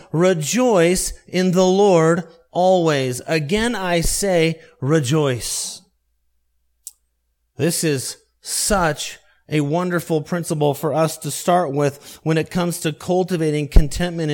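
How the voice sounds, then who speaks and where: A man's voice: fairly high pitch, a little mellow. Earnest male pastor preaching. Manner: earnest, repetitive emphasis with slowed key phrases. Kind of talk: sermon.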